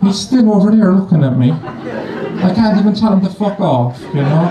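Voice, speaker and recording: A man with a slightly high voice tells a stand-up story, chatty and loose with plenty of swearing. He sounds a little distant from the mic in an echoey live room. Steady crowd noise fills the space around him. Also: normal speed, dull audio. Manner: swearing, conversational, animated storytelling with a live audience laughing. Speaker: stand-up comedian. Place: stage in a comedy venue, before an audience. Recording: echoey live venue, voice from far off, audible audience noise.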